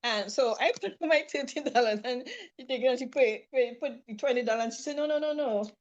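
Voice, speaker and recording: A woman's voice: fairly high pitch, brisk, highs cut off. A woman telling a travel story in casual talk, acting out the people she quotes. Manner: lively, acts out quoted voices, laughs often. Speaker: trip participant sharing a story.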